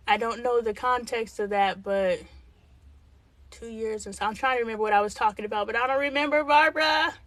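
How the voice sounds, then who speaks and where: Reading comments on her casual livestream, a middle-aged host chats frankly and thinks aloud in her answers to viewers. She has a slightly high, somewhat bright voice, talks at a normal speed with frequent pauses, and there's no room sound.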